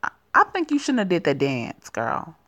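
A woman's voice: fairly low pitch, wildly swooping pitch, normal speed, a bit bright. A woman giving casual, joking commentary over a story game, with profane asides. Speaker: gaming channel host.

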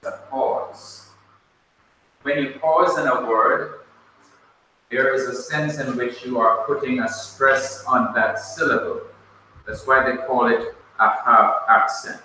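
A man with a Jamaican accent teaching a classroom lesson, slow and patient, spelling words out letter by letter. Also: medium pitch, fairly even intonation, sharp tone. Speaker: Bible college teacher. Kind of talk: classroom lecture. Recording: echoey room, distant mic, faint noise.

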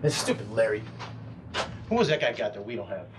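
A man acting in a comedy sketch, speaking earnestly and deadpan. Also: lowish voice, brisk, noisy background.

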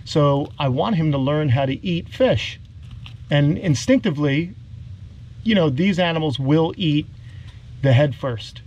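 A man's voice: on the high side, lively intonation, a little slow, darkish tone, lo-fi sound. A man with a New York accent hosting a casual outdoor vlog, explaining animal care enthusiastically and coaxing the lizards along like pets. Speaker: reptile keeper and channel host.

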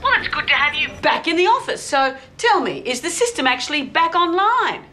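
Man doing a shrill bossy lady boss. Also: sing-song, brisk, pushed and bright, a little hiss or hum, full character voice. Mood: scolding. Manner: scolding, shrieking. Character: bossy shrill woman head-office boss. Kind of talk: comedy web cartoon voice.

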